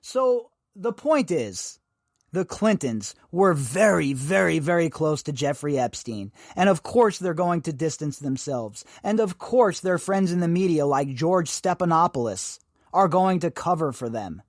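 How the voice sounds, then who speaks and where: A man's voice: fairly high pitch, animated, measured pace, darkish tone, no room sound, studio quality. A man hosting a podcast, giving emphatic, sarcastic commentary full of rhetorical questions. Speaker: podcast host. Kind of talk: opinionated commentary.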